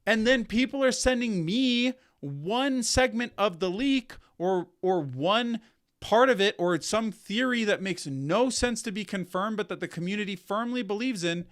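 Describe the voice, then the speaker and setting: A man, a content creator, delivering a casual, animated commentary rant. He rambles and often repeats himself. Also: sits high, measured pace.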